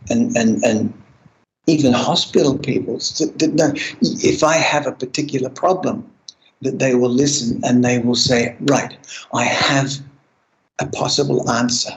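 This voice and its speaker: An older man, telling his own story in a halting, reflective way, with restarts. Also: medium pitch, muffled recording. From Australia. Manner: halting, with frequent restarts and soft laughs. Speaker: interviewee sharing lived experience. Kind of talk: reflective personal account.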